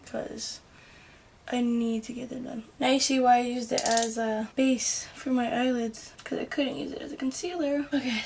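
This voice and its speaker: Chatty woman vlogger, bright higher voice. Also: slight background noise. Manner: chatty and rambling, with soft muttered asides. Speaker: beauty vlogger. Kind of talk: casual makeup tutorial.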